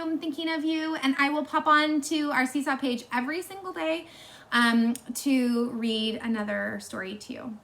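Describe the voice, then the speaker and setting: A woman reading a storybook aloud to children, expressive and animated. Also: high-pitched, measured pace. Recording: echoey room.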